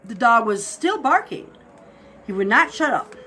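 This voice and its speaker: Woman, higher voice, lively storyteller, ghost tale, faint music behind. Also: a little slow. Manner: animated, acts out barks and shouts. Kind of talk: casual spoken ghost story.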